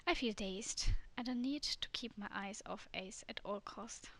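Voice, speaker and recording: Bright-voiced woman streamer reading aloud. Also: a little high, normal speed, few pauses. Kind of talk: reading a dating game aloud.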